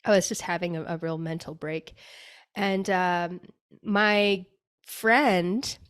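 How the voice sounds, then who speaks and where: A woman's voice: lowish voice, steady tone, slow, a bit bright, clean tone. A woman being interviewed on a podcast as a spirit medium, telling a personal story in a chatty way, often saying "like" and acting out her own past words.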